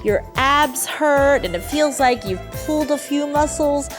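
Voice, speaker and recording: A woman's voice: high voice, lively intonation, measured pace, over music. Bubbly woman hosting a studio show. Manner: bubbly, laughs often, drops in Korean explanations. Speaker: TV show host. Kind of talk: English-teaching TV interview.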